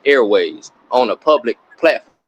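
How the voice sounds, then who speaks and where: A man's voice: mid-range voice, animated, moderate pace, lo-fi sound. A man who is a guest on a livestream panel, arguing his points in a lecturing way. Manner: argumentative, lecturing. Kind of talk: livestream debate.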